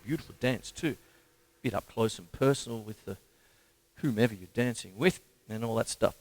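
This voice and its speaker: A man with an Australian accent giving a casual, jokey drum lesson and counting the stickings out loud. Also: mid-range voice, no room sound. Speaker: drum teacher. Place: home drum studio. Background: loud drum kit playing.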